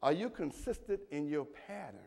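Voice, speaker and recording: A man preaching a sermon, calling out to the congregation and building to shouts. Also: on the high side, expressive, moderate pace, vocal fry. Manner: call-and-response preaching, rising to shouts. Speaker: pastor.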